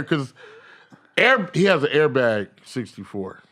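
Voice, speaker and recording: A man, a guest comedian, chatting casually on a podcast and telling animated stories with bursts of loud impressions. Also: medium pitch, moderate pace, pauses often. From San Diego.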